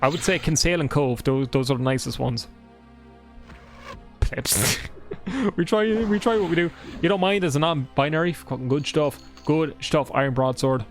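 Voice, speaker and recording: An Irish man with a voice pitched a touch above the usual, talking loosely over his game. He swears constantly, rambles and pokes fun at himself. Faint music plays behind him. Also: moderate pace. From Ireland. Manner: swears a lot, rambling, self-deprecating. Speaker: streamer. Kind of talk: casual live gameplay chat.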